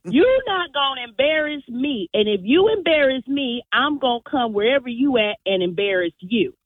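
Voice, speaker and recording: A woman's voice: on the high side, dry recording. A woman calling in to a radio talk show, telling a story with acted-out voices. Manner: animated storyteller, acts out voices. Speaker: radio caller. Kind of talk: storytelling call-in. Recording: tinny phone line, dry.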